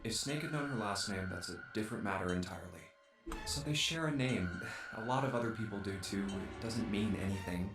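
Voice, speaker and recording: A man's voice: on the low side, fairly quick, close to an everyday voice. An actor playing a shaken young man in a game who mutters to himself in denial. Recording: echoey inner-voice effect, distant, with music.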